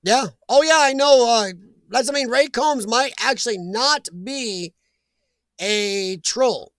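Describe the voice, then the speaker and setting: A man's voice: very high-pitched, slow pace, fairly bright tone, no echo, studio quality. An American man hosting a casual live stream chat, rambling and reading viewer comments aloud.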